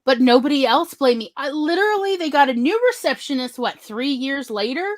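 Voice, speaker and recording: A young woman tells a long personal story in a casual, chatty way, her voice sitting a little high. She brings the people in her story to life, shifting her voice for each of them. The sound is dry and close, with no room echo. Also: brisk. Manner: animated, acts out other people's lines in shifting voices. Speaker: podcast host telling a story.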